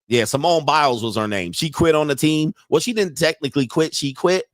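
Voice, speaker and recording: A man's voice: fairly high pitch, brisk, no room sound, clean studio sound. A man hosting a podcast from his computer, talking in a casual, rambling, profane way and laughing often. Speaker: podcast host. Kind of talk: casual live-streamed commentary. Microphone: computer mic and webcam.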